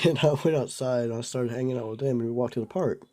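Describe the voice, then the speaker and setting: A man's voice: mid-range voice, fast talker, darkish tone. A young man casually telling a rambling story to the camera, full of filler words and slang. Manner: rambling, laid-back, lots of "bro" and "like". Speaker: vlogger.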